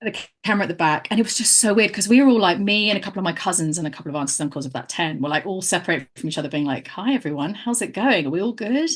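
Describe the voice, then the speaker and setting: A woman's voice: on the low side, very fast, few pauses. A woman, an actress and comedian, telling comic stories in a casual chat, acting out her quotes and laughing often. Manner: animated storyteller, acts out quotes, laughs often.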